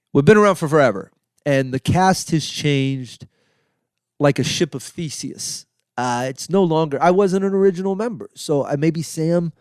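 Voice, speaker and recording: A man's voice: on the high side, darkish tone, dry recording, clean studio sound. A middle-aged man hosting his own podcast, answering listener questions in a rambling, chatty way with lots of fillers and asides. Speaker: podcast host.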